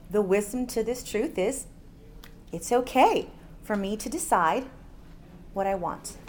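A woman from Miami gives a Christian seminar talk, telling a personal story in an animated way and laughing along the way. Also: medium pitch, slight background noise. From Miami, United States. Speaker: seminar speaker. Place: conference seminar room.

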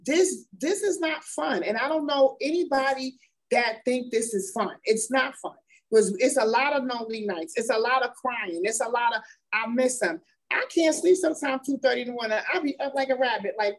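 A woman's voice: high-pitched, moderate pace, low-quality recording. A woman speaking candidly and emphatically as the wife of an incarcerated man, repeating words and laughing as she talks. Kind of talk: candid conversational testimony.

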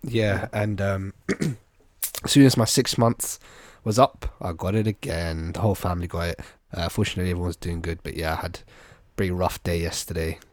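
A man co-hosting a podcast in relaxed, jokey chat, audibly stuffy and congested from a cold. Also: low-pitched, moderate pace, no echo. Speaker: podcast co-host. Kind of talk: casual chat.

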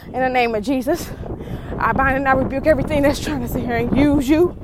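A woman's voice: high voice, steady tone, fast talker, noisy background. A woman preaching and praying fervently in a casual, slangy way, out of breath from a workout. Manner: fervent, repetitive rebuking prayer, casual slang. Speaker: vlogger preaching to viewers. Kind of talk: informal preaching and prayer.

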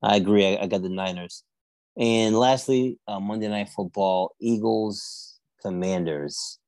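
A man's voice: fairly low pitch, unhurried, a little mellow, no room sound. A man co-hosting a sports podcast, steadily leading the picks and wrapping up the show in a casual chat. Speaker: podcast co-host.

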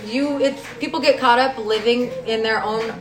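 A woman's voice: on the high side, fairly even intonation, moderate pace. Emphatic woman in an echoey room. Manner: emphatic, swears, laughs easily. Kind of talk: casual chat.

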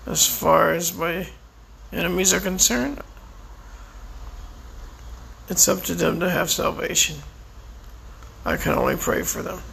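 Worn-out man, raspy and creaky, pitched a little high, speaking a quiet, reflective personal monologue. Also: a little hiss or hum, poor audio. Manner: slow, reflective, prayerful. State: tired and weak. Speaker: vlogger.

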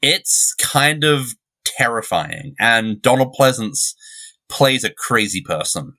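A man's voice: mid-range voice, expressive, slow, sharp tone. A young English man co-hosting a podcast, rambling through digressions and swearing freely. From England. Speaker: podcast co-host. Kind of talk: casual chat.

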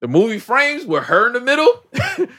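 A podcast co-host with a very high voice recaps a movie at a normal speed over a noisy crowd. His storytelling is animated and slangy, and he acts out the characters' lines himself.

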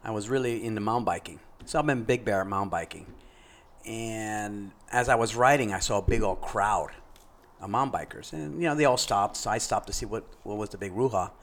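A middle-aged man with a lowish, brisk voice co-hosts a podcast. He tells a story casually and animatedly, acting out the voices of the people he quotes.

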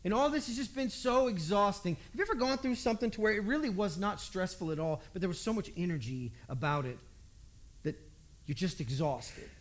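High-voiced folksy male preacher. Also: a little fast. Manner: folksy, animated, acts out voices in the story. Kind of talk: storytelling sermon.

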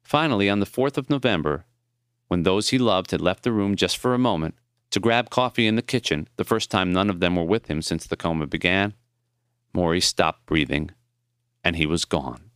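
A man tells the story of his own life in an audiobook, his low, smooth, resonant voice having a fairly bright tone. He narrates in a measured, tender way, recorded close and dry with no room sound.

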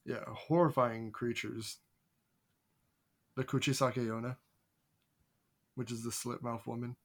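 A man's voice: mid-range voice, little pitch movement, unhurried. A man co-hosting a podcast in a casual group chat, easygoing and joking. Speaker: podcast co-host.

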